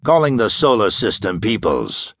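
A man narrating an audiobook and voicing a gaunt, menacing male mastermind with a deep, harsh, rasping voice and grandiose commanding speech. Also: wildly swooping pitch, normal speed, no room sound, clean studio sound, exaggerated voice.

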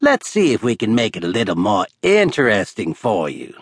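A man's voice: lowish voice, huge pitch swings, moderate pace, husky, dry recording, clean studio sound, exaggerated voice. A man voicing a gleeful, mocking male villain who cackles as he taunts. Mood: taunting.

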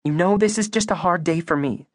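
Male narrator playing a fiery young woman, raised pitch, sarcastic bite, storybook read. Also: brisk, no room sound, studio quality, lightly acted. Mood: reassuring. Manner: sharp and sarcastic.

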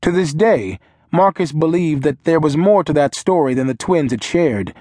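Male audiobook narrator, measured, steady, slightly high voice, dry close studio sound. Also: no echo. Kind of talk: scripted narration.

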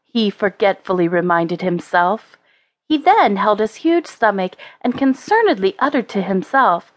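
A woman narrating a children's storybook in a slow, measured way. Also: mid-range voice, dry recording. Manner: slow, expressive, measured reading. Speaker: audiobook narrator.

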